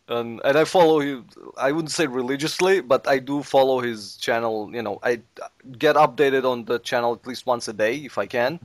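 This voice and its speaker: A man's voice: medium pitch, dry recording. A man hosting a casual podcast, rambling in an offhand way and laughing easily. His voice sounds dry and close to the mic, with no room sound. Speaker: podcast host.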